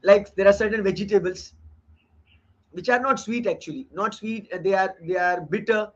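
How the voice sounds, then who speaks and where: Man, high-pitched, online course lecturer, explanatory, repeats himself, muffled lo-fi recording. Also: normal speed. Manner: earnest and explanatory, often repeating phrases. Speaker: course lecturer reviewing a book. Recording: dull lo-fi audio.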